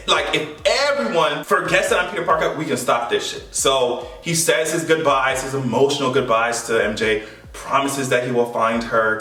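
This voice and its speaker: Animated, profane man in an echoey room. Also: mid-range voice, far from the mic. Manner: animated, profane and playful, laughing often. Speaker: movie reaction vlogger. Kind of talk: casual movie recap. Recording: echoey room, voice a bit off-mic, faint music.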